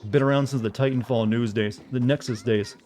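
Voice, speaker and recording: Dry monotone male game streamer. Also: mid-range voice, brisk. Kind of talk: casual chat while streaming a game.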